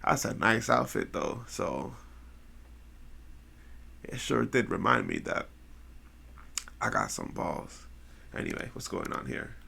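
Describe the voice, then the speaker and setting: A man giving casual gameplay commentary with slangy, excitable reactions. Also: mid-range voice, measured pace, creaky, long pauses, a little hiss or hum. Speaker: gaming video host.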